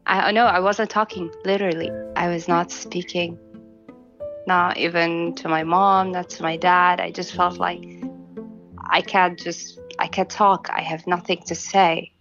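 A woman telling her own story in an interview, soft and halting, often restarting her sentences. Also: on the low side, flat delivery, gravelly, highs cut off, soft background music. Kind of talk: personal account in a documentary interview.

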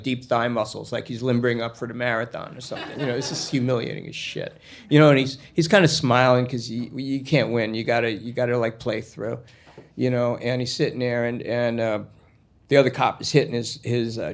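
A man's voice: medium pitch, a little hiss or hum. A man telling a spoken anecdote in a rambling, profane way, full of restarts. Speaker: storyteller.

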